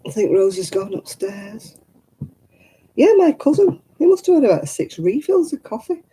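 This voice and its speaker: A woman's voice: fairly high pitch, very animated, normal speed, warm tone, breathy edge, rough recording. An older woman, chatting casually with viewers on a livestream and rambling as she explains everyday customs. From England. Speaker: livestream host.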